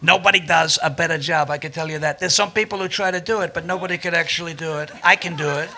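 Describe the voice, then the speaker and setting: A man doing a boastful older politician who drawls and repeats himself. The voice drops lower and softer than the performer's own, with a smug, self-satisfied bragging cadence. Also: steady tone, slight background noise. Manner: bragging, repetitive, drawn-out phrasing.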